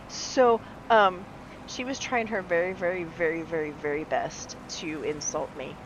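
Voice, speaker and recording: A woman's voice: fairly low pitch, a little slow, lo-fi sound, slight background noise. Chatty laughing woman in her forties. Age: 40s. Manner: chatty, laughs often, acts out quoted people. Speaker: live streamer. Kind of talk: casual storytelling chat while gaming.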